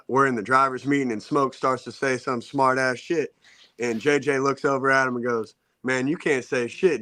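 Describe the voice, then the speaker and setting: Brief: man, casual co-host spinning an animated yarn, dry close sound. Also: medium pitch, no room sound. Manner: animated storyteller, acts out quoted voices. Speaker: podcast co-host telling a story. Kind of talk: casual storytelling chat.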